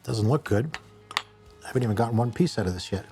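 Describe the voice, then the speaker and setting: A man's voice: medium pitch, fast talker, soft background music. Rambling man hosting a cooking vlog. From Canada. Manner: rambling, self-mocking, excitable bursts. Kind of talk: casual cooking vlog chat.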